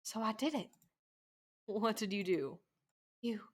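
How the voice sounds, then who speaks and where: A woman's voice: medium pitch, slow pace. Woman streamer reading game text aloud. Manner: reads all game text aloud, swearing and laughing at the story. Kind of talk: live game playthrough, reading dialogue aloud.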